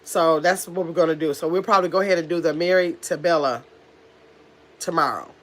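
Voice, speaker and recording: In a deep voice and at a fairly quick clip, a woman chats casually with her livestream viewers from home, reading their comments aloud while wearing pajamas.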